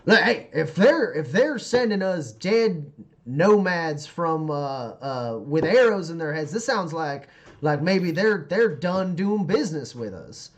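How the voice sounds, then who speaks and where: A man voicing a hot-headed male settlement leader in a tabletop game, shouting in agitation. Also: a little high, big pitch swings, a little slow, dull audio, pitched above the performer's own voice. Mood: angry.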